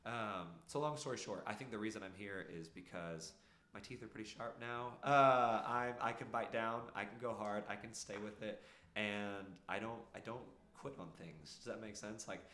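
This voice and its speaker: A man's voice: on the low side, normal speed, fairly bright tone, reverberant. A man, a podcast guest telling his story earnestly, rambling with many fillers. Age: 30s. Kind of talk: casual storytelling.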